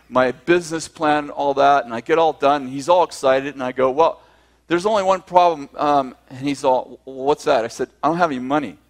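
Recounting something from his own life to a group, this man plays out both parts of the conversations and frequently laughs mid-sentence. His voice sits a little high.

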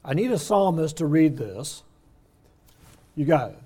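An older man leading a Bible study, his voice on the high side for a man but mellow and soft-edged. He talks conversationally, slowing down to lean on the words he wants to stress. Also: sing-song. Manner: conversational, explains words slowly with emphasis.

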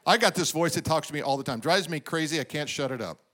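A man's voice: on the high side, quick pace, bright, forceful tone. A man preaching a sermon, drawing out the crowd with asides and acting out quotes. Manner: preaching with call-and-response asides and acted-out quotes. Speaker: pastor.

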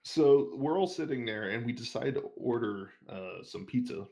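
A young man's creaky, dark, medium-pitched voice moves at a normal speed with lively intonation. As an interview guest, he laughs his way through a long, meandering, casual story full of cursing.

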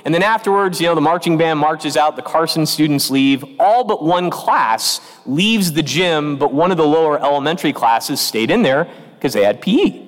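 A man preaching a homily as parish priest, telling stories with animated quoted voices, recorded in a church. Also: fairly high pitch, normal speed. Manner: storytelling with lively quoted voices. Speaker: pastor. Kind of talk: sermon. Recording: long reverb of a church.

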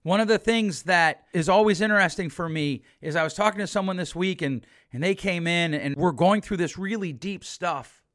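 A man's voice: high-pitched, normal speed, hardly any pauses, fairly bright tone. A man, a therapist, talking through a podcast monologue with emphasis and repeated points.

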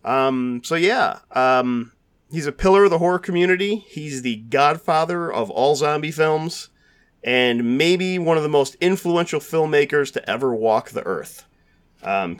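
This podcast host is a man whose voice sits at medium pitch with a slightly bright quality. He chats casually and rambles, leaning on fillers and often restarting his sentences.

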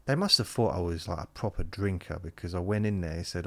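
A man with a very low, gravelly voice rambles through a comic monologue. He drops self-deprecating, deadpan asides as he goes. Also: fast talker. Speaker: comedian and podcast host.

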